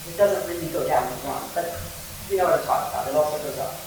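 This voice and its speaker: A woman's voice: deep voice, fast, darkish tone, slight background noise. Playful woman lecturing in an echoey room. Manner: playful, sings and acts out rhythms. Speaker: theatre director. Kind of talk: lecture on verse meter. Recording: echoey room, mic at a distance.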